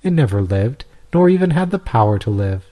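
A man reading aloud, voicing a calm, authoritative young woman saint who argues firmly and rhetorically. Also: medium pitch, brisk. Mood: firm conviction. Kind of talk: storybook reading.

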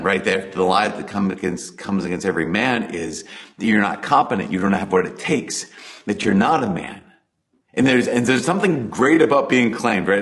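Low-voiced man preaching earnestly. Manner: earnest, builds intensity then drops to soft emphasis. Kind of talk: conversational sermon.

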